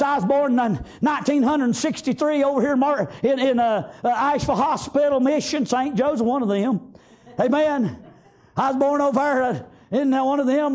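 A preacher, delivering a fervent sermon in a chanting rhythm, often breaking into shouts. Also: male voice, very high voice.

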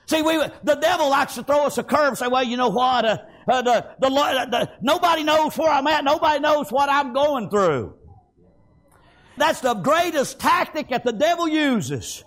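High-voiced man preaching a fiery sermon. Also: animated, normal speed. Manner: fervent, punctuates with amen and praise God; breaks into shouting.

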